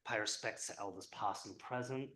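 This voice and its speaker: A man's voice: lowish voice, normal speed, sharp tone, echoey room, poor audio. A man speaking at a public event as a historian, conversational and hesitant with frequent ums.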